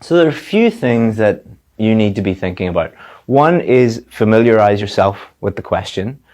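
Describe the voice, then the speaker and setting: A man's voice: lowish voice, animated, moderate pace, darkish tone. A man teaching an exam preparation lesson in a direct way, often repeating words for emphasis. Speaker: IELTS teacher. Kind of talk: video lesson.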